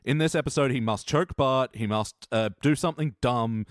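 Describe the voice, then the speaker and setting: A man in the host's seat of a casual podcast, steering the chat with a wry, dry sarcasm. His voice sits at an ordinary middle pitch, and the recording is close and dry with no room sound around it. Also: normal speed, dry recording. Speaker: podcast host.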